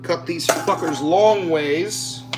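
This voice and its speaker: A man's voice: on the high side, takes it slowly. A man chatting casually to camera while cooking in his home kitchen, swearing freely and joking in a brash, chatty way. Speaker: home cook vlogger. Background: music.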